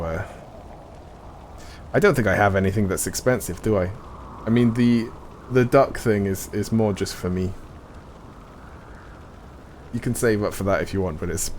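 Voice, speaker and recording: A man's voice: low-pitched, a little mellow, slight background noise. A man streaming a game live, chatting casually in a rambling, self-correcting way into a streaming mic.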